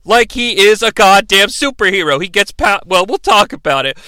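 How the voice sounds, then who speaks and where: A man in his forties hosting a comedic bad-movie review show, sarcastic, profane and excitable. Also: sits high, moderate pace, clear, resonant tone, no room sound.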